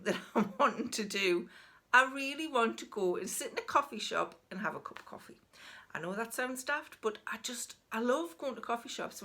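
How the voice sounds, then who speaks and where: A woman's voice: medium pitch, pushed and bright. A Geordie woman in her sixties, chatting casually and frankly to camera in a rambling, self-deprecating way. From North East England. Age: 60s. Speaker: vlogger.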